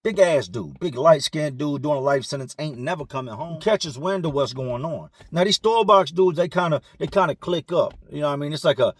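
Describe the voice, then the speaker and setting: Guy telling a story real fast, casual slang, kinda higher voice, dry close sound. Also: husky, no room sound. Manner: slangy, conversational, acts out quotes.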